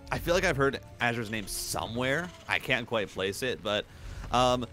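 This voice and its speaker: A man's voice: medium pitch, animated, unhurried, sharp tone, faint music behind. A man doing live esports commentary, chatty and analytical, often restarting his sentences. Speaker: esports caster.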